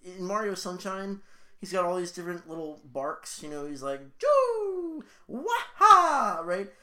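A man co-hosting a casual comedy podcast, excitable and quick to laugh, often cutting in and apologizing. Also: sits high. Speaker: podcast co-host.

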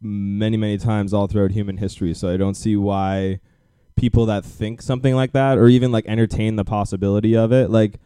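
A man's voice: lowish voice, steady tone, brisk, mellow, clear, resonant tone, no room sound, clean studio sound. A young man hosting a podcast, chatting casually and rambling with many fillers and restarts. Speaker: podcast host. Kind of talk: casual chat.

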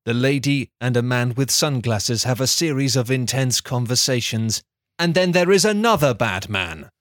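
A man co-hosting a comedy podcast, recapping a plot in a dry, deadpan way. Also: medium pitch, moderate pace, dry recording. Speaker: podcast co-host. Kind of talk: deadpan comic plot summary.

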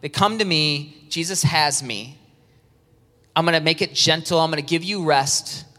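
A man preaching an animated sermon, acting out worried churchgoers in a high, strained voice. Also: moderate pace. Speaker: pastor. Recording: reverberant hall sound.

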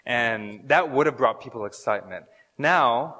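A man's voice: mid-range voice, measured pace, bright, forceful tone. A man giving a casual, conversational sermon, joking and stumbling over fillers and restarts as he explains scripture. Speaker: pastor. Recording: long hall reverb.

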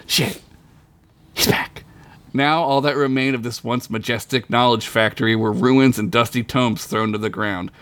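A man's voice: mid-range voice, steady tone, unhurried, pauses often, a bit bright. A man hosting a podcast, reading his own comedic story aloud in a crude, rambling way and laughing at his own jokes.

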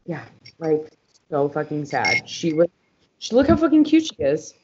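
A woman's voice: low-pitched, very animated, moderate pace, noisy background. A young woman co-hosting a podcast in casual chat, talking with lots of fillers and constant swearing. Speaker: podcast co-host. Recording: dull lo-fi sound.

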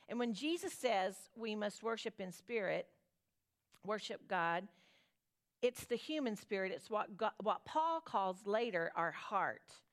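A woman in her forties with a Southern accent, teaching a Bible study in a conversational way, reading scripture aloud and chatting with her listeners. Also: medium pitch. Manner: reads scripture aloud, then chats with the audience in a homey way.

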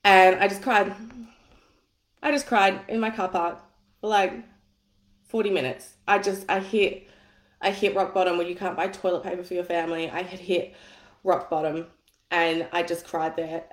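A woman's voice: lowish voice, fairly even intonation, moderate pace, pauses often. A woman, coaching on money mindset and telling a personal story in a candid, chatty way, swearing casually. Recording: echoey room.

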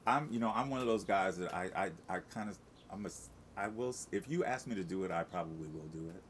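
A man in middle age with a very deep voice talks loosely and chattily, circling back on himself with fillers and restarts. A faint noise floor sits under the recording. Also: fast talker. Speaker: Broadway actor, guest. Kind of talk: casual interview chat.

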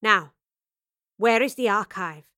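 A woman voicing an unflappable female professor who speaks calmly and teases with dry, cutting wit. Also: medium pitch, takes it slowly, dry recording. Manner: calm, dry and quietly cutting. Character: sharp-witted female professor, unflappable and dryly teasing.

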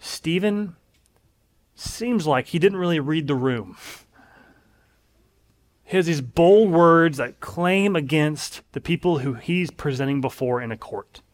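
A man's voice: a little high, slow pace, long pauses. A man preaching a sermon in an earnest, emphatic way, leaning on repeated phrases.

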